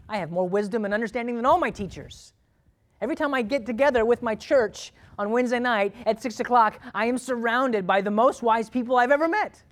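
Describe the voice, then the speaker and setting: Conversational man preaching a sermon. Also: a little high. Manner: conversational, asks the congregation questions; acts out inner thoughts and prayers aloud. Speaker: pastor.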